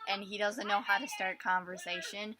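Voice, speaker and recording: A woman's voice: mid-range voice, moderate pace, over a noisy crowd. A young woman telling a made-up story to friends in a casual, giggly way and acting out the lines. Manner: giggly, animated, acts out quoted lines. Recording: noisy home video.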